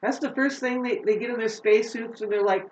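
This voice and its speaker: A woman vlogger rants about astrology in a profane, heated monologue. She jumps from loud outbursts to low, slow explaining. She sounds distant from the mic, with a roomy echo and dull, muffled audio. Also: steady tone, a little hiss or hum.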